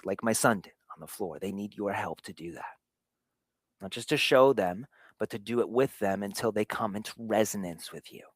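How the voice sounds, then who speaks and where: A man hosting a show, giving an earnest motivational talk on fatherhood, swinging between hushed and emphatic delivery. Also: fairly low pitch, no echo. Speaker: show host.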